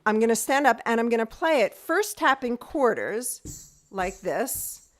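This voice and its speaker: A woman's voice: fairly high pitch, animated, measured pace. A woman teaching an online group music lesson over a video call. She explains step by step, counts beats aloud and sings rhythm syllables to show them.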